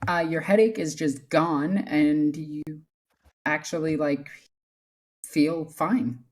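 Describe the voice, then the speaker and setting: Easygoing woman GM, low voice, unhurried delivery. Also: fairly even intonation. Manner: laughing, easygoing. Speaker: game master. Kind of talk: narrating a tabletop game.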